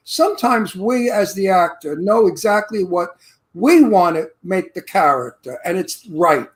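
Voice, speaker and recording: A man with a Brooklyn accent, co-hosting an interview show and telling animated, profane stories. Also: sits high, a little slow. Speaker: co-host. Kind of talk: casual chat.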